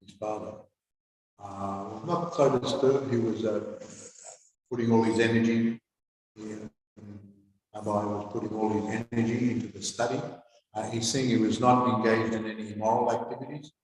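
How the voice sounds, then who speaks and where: A man giving a devotional scripture class, reading aloud and then commenting in a halting way, with many fillers and restarts. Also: lowish voice, fairly even intonation, slight background noise. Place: temple hall. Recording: echoey hall, voice from far off.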